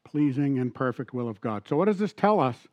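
A middle-aged man preaching a sermon in a church, talking conversationally, asking the congregation questions and reading scripture slowly. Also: medium pitch, expressive, a little mellow, dry recording, highs cut off. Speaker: pastor. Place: church sanctuary.

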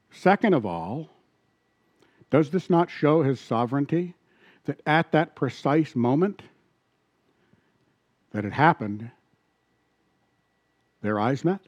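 A man preaching a sermon as pastor, animated and asking the congregation questions. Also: on the high side, dry recording, muffled recording.

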